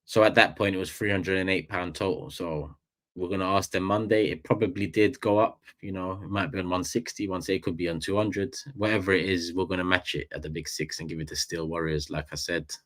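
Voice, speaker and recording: A man with a London accent, his voice sitting on the low side. He chats on a livestream in a loose, slangy way, repeating lines and often jumping up in pitch and volume. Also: brisk. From England. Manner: animated, repeats phrases, slangy. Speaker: livestream host. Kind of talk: casual livestream chat.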